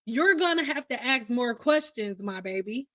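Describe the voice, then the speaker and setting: A woman's voice: a little high, expressive, normal speed, sharp tone, dry recording. A woman hosting a casual hairstylist livestream, blunt and teasing, laughing often. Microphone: livestream mic. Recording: slightly dull livestream audio.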